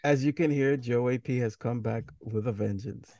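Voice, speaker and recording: A man's voice: mid-range voice, moderate pace, a loud crowd. A man hosting a casual podcast, upbeat and laughing easily as he welcomes his co-hosts. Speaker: podcast host.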